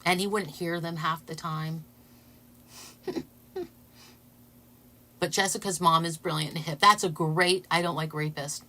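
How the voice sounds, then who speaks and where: Woman vlogger, bright clear tone, animated storytelling, frequent laughter, stumbling restarts. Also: on the low side, measured pace, pauses often. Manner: animated, laughing often, stumbling over words. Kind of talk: casual storytelling to viewers.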